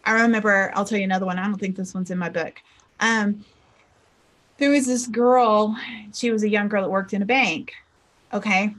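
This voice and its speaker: A woman's voice: medium pitch, fairly even intonation, moderate pace, pauses often, a bit bright. A middle-aged woman, a spiritual teacher and life coach, giving a chatty motivational talk and acting out the people in her stories. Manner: chatty storyteller, acts out quotes.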